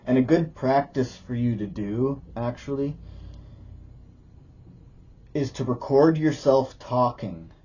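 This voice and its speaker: A man talks to camera about his yoga practice in a dark, husky voice, rambling loosely and restarting his thoughts. The sound is dull and muffled. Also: medium pitch, takes it slowly, pauses often. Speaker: yoga teacher and video creator. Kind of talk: casual talk to camera.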